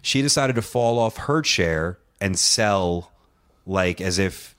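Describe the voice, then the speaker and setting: A man's voice: sits low, slow, a bit bright, clean tone. A man on a casual podcast, telling a rambling story with lots of swearing and acted-out quotes.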